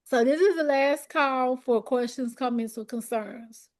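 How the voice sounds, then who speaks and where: A woman coaching a study group for an exam, speaking in a direct, repetitive and encouraging way while her voice grows hoarse and she keeps clearing her throat. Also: high voice, measured pace. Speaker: academic coach.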